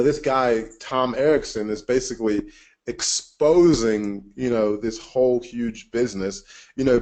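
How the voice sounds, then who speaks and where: A man's voice: mid-range voice, a little mellow. A man presenting a webinar over screen share, loose and rambling, with lots of filler words. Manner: loose and rambling, full of "you know" and "like".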